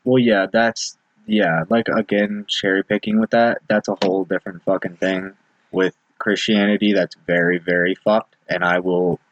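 A man's voice: sits low, little pitch movement, moderate pace, a little hiss or hum. A man talking earnestly in a casual podcast chat, swearing and using many fillers. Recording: dull lo-fi dry sound.

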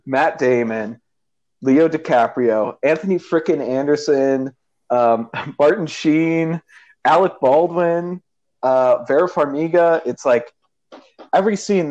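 A man's voice: mid-range voice, a little slow, darkish tone, dull audio. A man co-hosting a casual podcast about a movie, rambling with many fillers and restarts. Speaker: podcast co-host.

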